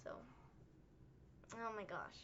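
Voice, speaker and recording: A woman's voice: takes it slowly, lo-fi sound. A woman co-hosting a casual chat, telling stories with lots of giggling. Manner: giggly, animated storyteller. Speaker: co-host.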